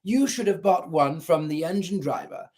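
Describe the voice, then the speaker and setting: A man's voice: on the high side, expressive, normal speed, darkish tone, close to an everyday voice. A man voicing a stern, impatient train guard in a storybook reading.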